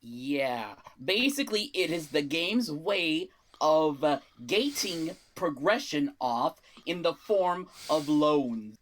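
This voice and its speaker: A woman explaining things animatedly in a casual podcast chat, like a sales pitch. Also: lively intonation, slow, hardly any pauses, a little hiss or hum.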